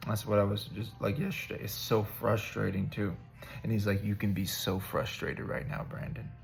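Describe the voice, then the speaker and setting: Gravelly low-voiced man giving casual encouragement. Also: steady tone, normal speed, soft background music. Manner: rambling, conversational, self-joking. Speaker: vlogger giving spiritual encouragement. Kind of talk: casual devotional talk.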